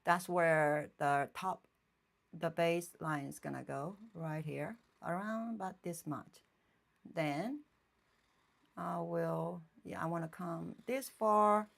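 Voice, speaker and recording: A woman painter chatting casually on a live stream from her home painting room, thinking aloud in halting phrases and often checking in with her viewers. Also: fairly low pitch, vocal fry. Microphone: phone streaming live.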